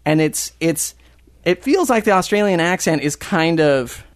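A man's voice: fairly high pitch, expressive, unhurried, no echo, clean studio sound. An American man with an American accent, hosting a casual chat, asking rambling, joking questions. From United States.

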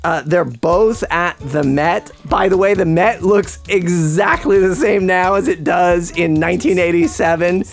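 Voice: medium pitch, a little slow, gravelly, few pauses, soft background music. A podcast host rambling casually about a movie, wry and full of restarts. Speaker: podcast host reviewing a film.

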